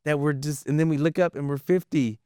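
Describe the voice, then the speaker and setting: An American man on a casual podcast, thinking out loud in long rambling runs and repeating words as he builds a point. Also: on the high side, steady tone, fairly quick, clean tone, no echo, clean studio sound. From United States. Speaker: podcast co-host.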